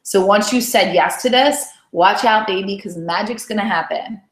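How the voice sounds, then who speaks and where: A woman's voice: mid-range voice, normal speed. A woman weight-loss coach leading a motivational live call. She talks in a chatty, encouraging way and keeps checking in with "right?". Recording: roomy echo.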